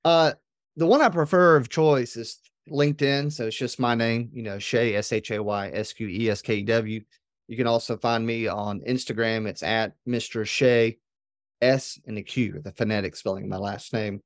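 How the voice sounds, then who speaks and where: Energetic man telling a story, dry sound. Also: mid-range voice, moderate pace, no echo. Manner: energetic, emphatic, often adds "right?". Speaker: podcast guest. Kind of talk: animated storytelling in conversation.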